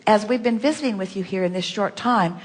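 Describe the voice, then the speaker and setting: Husky woman speaking in a reverberant hall. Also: mid-range voice, a little fast. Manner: emphatic, repeats key phrases, rhetorical questions. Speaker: spiritual seminar speaker. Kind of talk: spiritual workshop talk. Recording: long reverb of a large hall.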